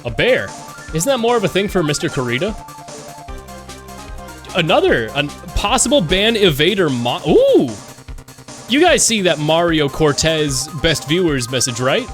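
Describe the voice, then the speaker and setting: A man streaming a game jokes and swears casually while reading the dialogue aloud in a let's-play commentary. His voice is a little high and a bit bright, with lively intonation at a moderate pace, and game music plays underneath.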